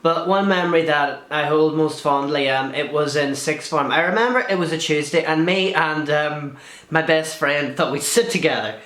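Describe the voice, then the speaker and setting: A man's voice: a little high, normal speed. Chatty young man, echoey. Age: young adult. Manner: chatty, swears freely, animated asides. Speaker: video blogger. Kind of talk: casual Q&A vlog.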